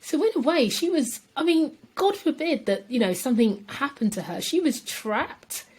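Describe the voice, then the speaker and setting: A woman co-hosting a podcast in casual chat, animated and emphatic. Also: high voice, brisk. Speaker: podcast co-host.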